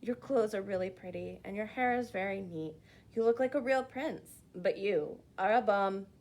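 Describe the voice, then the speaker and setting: A woman's voice: mid-range voice, normal speed, pitched below the performer's own voice, lightly acted. Give me a bold, clever storybook princess, voiced by a woman, eager and sly. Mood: scornful. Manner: eager, sly flattering questions. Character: brave clever young princess, cheeky.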